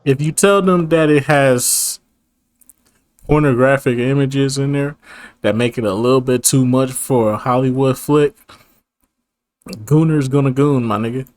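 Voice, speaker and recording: A man's voice: medium pitch, a little slow, long pauses, darkish tone, no echo. A man from the United States giving casual reaction commentary, joking, repeating catchphrases and stumbling over his words. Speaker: reaction channel host.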